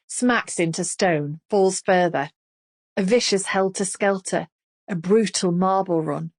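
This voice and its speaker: A woman reading a thriller audiobook in measured, dramatic narration. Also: medium pitch, darkish tone. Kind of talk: scripted narration.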